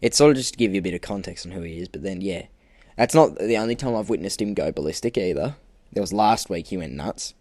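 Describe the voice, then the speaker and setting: A young man telling an animated work story on a podcast, acting out quotes and laughing often. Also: low voice, quick pace, no echo. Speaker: podcast co-host. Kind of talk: casual storytelling.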